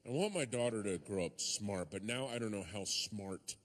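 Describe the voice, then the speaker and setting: A man doing stand-up comedy on stage, animated, breaking into loud high-pitched bits as he tells a story. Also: normal speed. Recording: live hall with long reverb.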